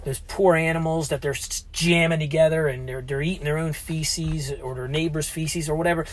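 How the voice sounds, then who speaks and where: A man's voice: a little high, fairly even intonation, normal speed. A man in his forties, a health vlogger, telling a story in a rambling, casual way with many restarts. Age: 40s. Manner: rambling, retells conversations with frequent restarts. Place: at or near a gym.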